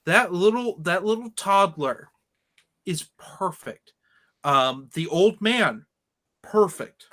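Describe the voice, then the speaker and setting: A man with a bright, fairly high voice talks in a loose, opinionated way, wandering into asides as he chats with friends. His delivery is casual and rambling, like a host leading a book club talk. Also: animated, takes it slowly. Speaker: podcast host. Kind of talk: casual chat.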